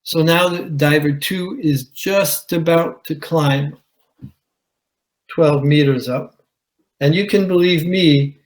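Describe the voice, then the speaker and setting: A man, a commercial diver, telling his own story at a conference in a measured way, with pauses. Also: fairly high pitch, rough recording. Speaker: commercial diver giving a talk. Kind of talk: conference presentation, personal account. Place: conference hall.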